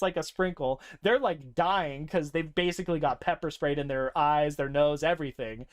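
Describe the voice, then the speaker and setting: A young man co-hosting a podcast, casually recounting a tabletop game session with lively laughter. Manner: animated, laughing often, breaks into high-pitched character voices. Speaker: podcast co-host.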